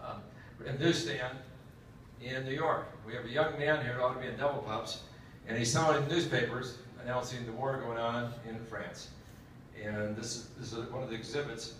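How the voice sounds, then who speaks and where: A man tells a long, folksy joke and throws questions at his audience. His voice sits at a middle pitch and comes from a distance in a very echoey hall, with faint room noise behind it. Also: steady tone, normal speed, fairly bright tone. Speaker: speaker at a military education session. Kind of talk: storytelling lecture.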